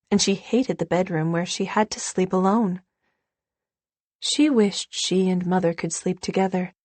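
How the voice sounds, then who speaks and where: A woman narrating an audiobook with steady, even storytelling. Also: on the low side, no echo. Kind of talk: scripted narration.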